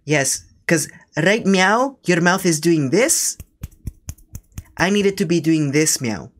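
Speaking slowly in an animated, slightly bright and highish voice, a man impersonates a fussy, scolding grandmother for a scambaiting prank call. The character rambles and tacks "dear" onto nearly every line.

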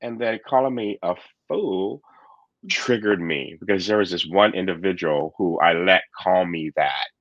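A man with a very low voice talks candidly and thoughtfully, circling back with fillers and restarts. The sound is dry, with no room echo. It comes over a dull, lo-fi remote call. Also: a little slow, fairly bright tone. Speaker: podcast host and coach. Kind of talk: reflective conversational chat. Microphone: remote call microphone.

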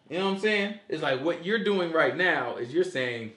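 Animated man preaching in an echoey room. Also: high voice, a little fast, hardly any pauses. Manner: animated, asks the group questions, repeats "you know what I'm saying". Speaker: teacher leading a Sabbath study. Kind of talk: casual preaching to a small group.

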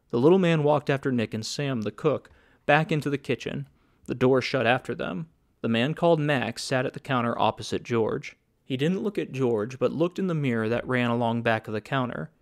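A man reading a story aloud as audiobook narrator, in plain, even storytelling. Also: mid-range voice, vocal fry. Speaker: audiobook reader. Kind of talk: scripted narration.

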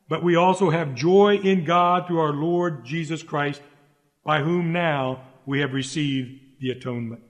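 High-voiced man preaching in a reverberant hall. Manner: earnest, emphatic preaching with repeated appeals. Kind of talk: sermon read aloud.

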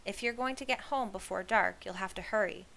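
Storybook shepherd, older woman, brusque and bossy, bright loud voice as a female reader puts her on. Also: medium pitch, brisk, creaky, a little hiss or hum. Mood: firm.

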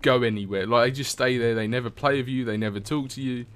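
A man's voice: mid-range voice, steady tone, fast talker. A young man, chatting casually over gameplay in a rambling, swear-heavy way. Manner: rambling, swears often, laughs at own stories. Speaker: gaming commentator.

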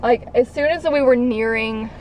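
A woman's voice: fairly high pitch, steady tone, moderate pace, a little hiss or hum, rough recording. Gushing young woman vlogging in a car. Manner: gushing, bursts into loud acted quotes. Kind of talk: excited casual chat. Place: parked car.

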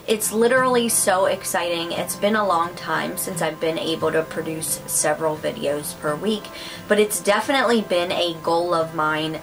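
A woman's voice: medium pitch, rough recording. A woman chatting casually to her viewers about craft and decor finds, gushing with lots of fillers. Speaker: craft vlogger. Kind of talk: casual haul chat to camera.

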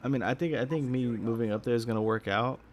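A man's voice: mid-range voice, fast talker. A tired young man from Texas, rambling casually about his gaming videos with lots of fillers and restarts. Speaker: gaming YouTuber. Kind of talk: rambling casual vlog talk. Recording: faint background noise.

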